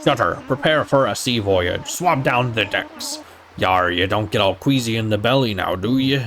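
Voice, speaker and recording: A man voicing a gruff male sea-captain turtle boatman in pirate talk, reading game dialogue aloud. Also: on the low side, expressive, moderate pace, fairly bright tone. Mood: jolly. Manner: pirate talk, jolly and teasing.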